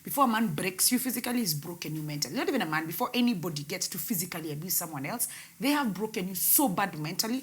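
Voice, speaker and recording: A young woman telling her painful personal story in an interview, her voice swinging between loud outbursts and hushed words. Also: lowish voice, animated, quick pace. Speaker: guest, radio host.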